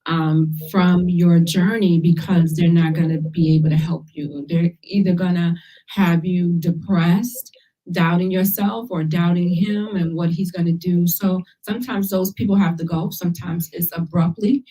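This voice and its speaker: Mellow-voiced woman host, a bit distant. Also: fairly low pitch, unhurried. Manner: encouraging, conversational, uses lively quoted asides. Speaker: talk show host. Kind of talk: casual talk show chat.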